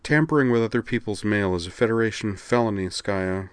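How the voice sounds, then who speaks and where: A man's voice: lowish voice, a little fast, no echo, natural voice. A man voicing a bitter, sardonic young woman in a raised voice.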